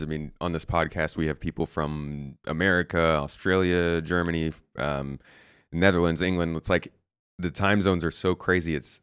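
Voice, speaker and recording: A young man from California hosting a casual podcast chat, relaxed and quick to laugh. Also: rumbling low, clean tone, no echo, clean studio sound. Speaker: podcast host.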